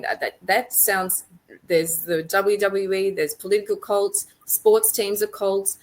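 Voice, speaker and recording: A woman author speaking as a guest in a casual interview, reflective, often trailing off and restarting her thoughts. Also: mid-range voice.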